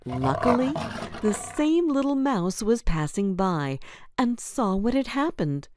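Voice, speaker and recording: Slow expressive woman storyteller. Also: medium pitch, background noise. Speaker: narrator. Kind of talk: storybook narration for children. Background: music.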